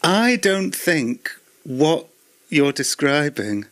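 A man's voice: on the high side, big pitch swings, extremely slow, fairly bright tone. A middle-aged man presenting a radio programme, curious and reading out diagnostic criteria. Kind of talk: interviewing.

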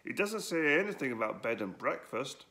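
A man's voice: medium pitch, very animated, moderate pace, sharp tone, pitched above the performer's own voice. A man voicing a meek young male knight with a droning, boring voice, reading a storybook aloud. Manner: droning, wordy.

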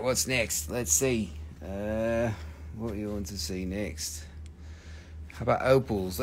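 A man hosting a live sale of stones, talking in halting, broken English with fillers while he names prices. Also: fairly low pitch, slight background noise. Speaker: host of a live crystal sale. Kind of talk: live sales patter. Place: shop, indoors.

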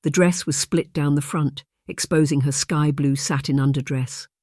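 An audiobook narrator reading a historical romance in steady, measured scripted narration. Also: mid-range voice, no room sound, clean studio sound.

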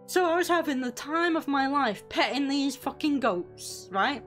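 A woman's voice: sits high, animated, moderate pace, hardly any pauses, soft background music. A young British woman streamer telling a rambling, sweary story, often breaking off mid-sentence. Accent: British English. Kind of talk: casual storytelling on a live stream.

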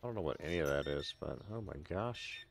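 A man's voice: extremely low pitch, lively intonation, fast, gravelly, background noise. A man casually commenting on his own gameplay on a live stream, chatting with viewers and making sarcastic asides.

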